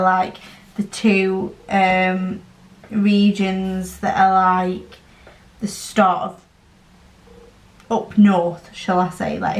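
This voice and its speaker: Young yorkshire woman rambling on slowly, lots of likes and ums, kinda echoey room. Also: medium pitch. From Northern England. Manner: rambling, chatty, lots of fillers. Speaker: diamond painting channel host. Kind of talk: casual chat while crafting.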